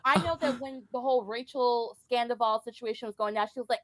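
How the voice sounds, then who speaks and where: A woman with a high, bright voice gives sassy, emphatic commentary in a casual gossip chat. The sound is dry and close. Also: fairly even intonation, fast, dry recording. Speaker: guest commentator.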